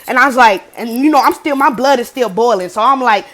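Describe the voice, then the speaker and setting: A young woman with a somewhat high voice tells a personal story to the camera in a relaxed, chatty way. She curses freely and acts out what each person said. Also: quick pace, few pauses. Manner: profane, animated storytelling with acted quotes. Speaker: vlogger. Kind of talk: casual storytime monologue.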